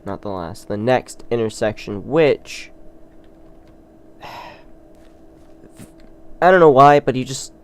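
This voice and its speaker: A man hosting a gaming channel who rambles through a let's play with excitable, self-deprecating commentary. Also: medium pitch, a little hiss or hum.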